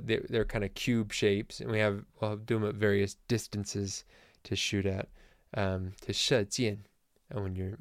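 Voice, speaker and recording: Man, casual vocabulary lesson, chatty, self-mocking jokes, low gravelly voice, smooth, dry sound. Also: no echo. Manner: self-deprecating, chatty, joking. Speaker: Chinese teacher at a camp.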